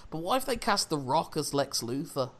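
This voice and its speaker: A young man co-hosting a podcast, chatting casually about films with quick jokes and frequent laughter. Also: fairly high pitch, sing-song. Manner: quick, jokey, laughs often. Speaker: podcast co-host. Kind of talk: casual film review chat.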